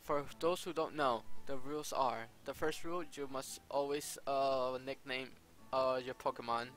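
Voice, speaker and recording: A man giving casual, excitable gameplay commentary, exclaiming often. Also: medium pitch, moderate pace, soft background music. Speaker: Let's Play gamer.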